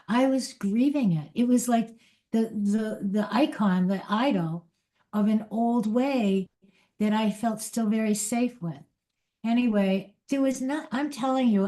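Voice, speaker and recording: A woman's voice: mid-range voice, warm tone. Candid woman telling a confessional story. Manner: candid and confessional, often laughing at herself, with restarts. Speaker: spiritual teacher. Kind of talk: personal storytelling in a spiritual talk.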